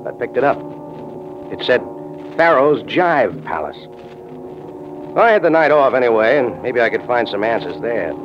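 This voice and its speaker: A man's voice: mid-range voice, very animated, moderate pace, long pauses, close to an everyday voice. An actor playing a hard-boiled American man who narrates his own case, dry and wisecracking, in 1940s radio acting. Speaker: narrator and lead. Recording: dull old radio recording. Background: music.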